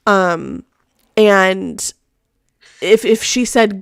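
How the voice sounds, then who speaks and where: A woman's voice: medium pitch, measured pace, dry recording, studio quality. A woman hosting a casual live chat, rambling along with many fillers and restarts. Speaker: host; mother.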